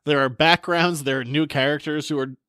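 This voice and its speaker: A man's voice: a little high, steady tone, fairly quick, sharp tone, clean tone, no echo, studio quality. A man co-hosting a casual podcast, sarcastic and laughing often as he recaps. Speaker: podcast co-host.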